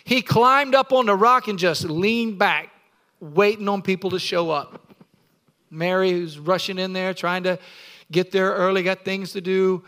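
A man's voice: sits high, steady tone, unhurried, sharp tone. A middle-aged male pastor preaching a sermon in a church, exuberant and playful, calling on the congregation to respond.

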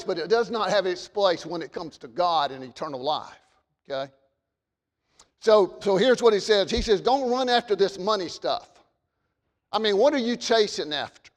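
Pastor, male, high voice, sermon with scripture readings, long church reverb. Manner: repeats and restarts phrases, reads scripture aloud slowly.

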